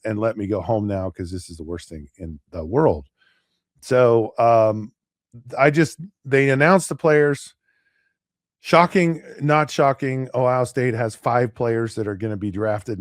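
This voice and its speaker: A man's voice: mid-range voice, no echo. Rambling man on sports talk, dry sound. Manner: rambling, many restarts and repeated words; acts out players and pundits in quick asides. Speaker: podcast co-host.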